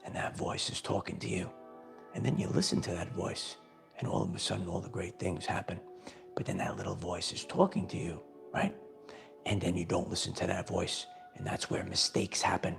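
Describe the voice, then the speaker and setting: A man doing a whispered role-play as a calm inner voice that nudges the listener, hushed and breathy. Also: deep voice, moderate pace, music in the background, voice pushed down, exaggerated voice. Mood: coaxing.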